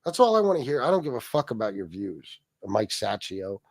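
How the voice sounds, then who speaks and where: A man's voice: on the low side, sing-song, a little fast, no room sound, studio quality. A middle-aged man hosting a livestream, ranting and mocking a rival with heavy swearing and asides to viewers. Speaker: livestream host. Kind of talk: casual profane rant.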